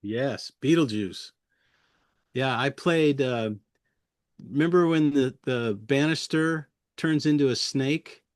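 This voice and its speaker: A middle-aged man, a puppeteer guest, reminiscing in an interview with a friendly, chuckling manner and many pauses. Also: medium pitch, no room sound, studio quality. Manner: friendly, chuckling, halting with fillers.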